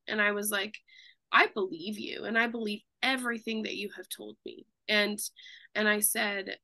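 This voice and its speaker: A woman co-hosting a podcast as a nurse, with a bright, crackly, fry-edged voice. She talks casually and reflects out loud, pausing to find her words. The sound is close and dry. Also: medium pitch, no room sound.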